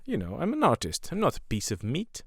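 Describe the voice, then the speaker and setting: A man's voice: mid-range voice, huge pitch swings, fairly quick, husky, no echo, clean studio sound. A man, a stand-up comedian and podcast host, talking in a rambling casual monologue full of swearing and self-mocking jokes.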